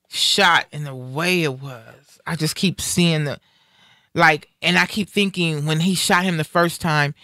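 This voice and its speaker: A woman's voice: low voice, a bit bright, no room sound, clean studio sound. A middle-aged woman hosting a casual talk show, speaking emphatically and from the heart, repeating phrases for weight. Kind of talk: casual chat.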